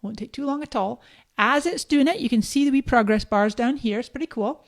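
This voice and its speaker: A woman in her fifties from Canada with a Scottish accent, hosting a live-streamed software tutorial in a chatty, upbeat way and talking straight to her viewers. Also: fairly high pitch, brisk. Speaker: host of a live social media training.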